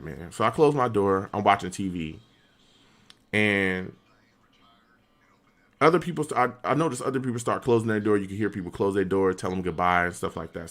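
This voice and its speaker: A man streaming, telling a story in an animated, slangy way and laughing often. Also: lowish voice. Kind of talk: casual storytelling.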